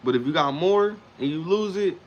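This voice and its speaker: A man's voice: on the high side, expressive, normal speed, dull audio. A man hosting a livestream, giving an emphatic motivational talk in a repetitive, preacher-like cadence. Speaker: livestream host.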